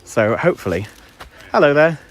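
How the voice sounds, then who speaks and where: A man's voice: on the high side, big pitch swings, normal speed, slight background noise. A man livestreaming a dog walk outdoors, chatty and ranting, with some playful crude language, on a handheld phone. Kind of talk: casual chat while walking. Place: outdoors in woods.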